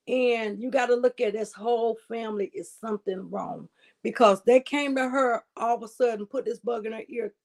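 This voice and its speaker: A woman's voice: on the high side, a little mellow. Preachy woman commentary host. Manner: preachy, emphatic, asks "right?" often. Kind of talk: casual commentary.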